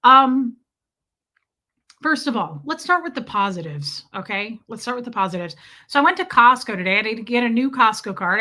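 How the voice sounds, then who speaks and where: This Midwestern livestream host, a young woman, speaks fairly quickly and expressively in a slightly high voice that's pushed and bright. In her Midwestern American accent, she rambles casually and takes on viewers' comments.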